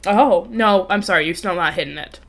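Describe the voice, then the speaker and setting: A young woman in her twenties hosting a podcast, telling a story in casual chat, animated, swearing freely and laughing often. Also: lowish voice, a little fast. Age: 20s. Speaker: podcast host. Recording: remote call, co-host audio cutting out.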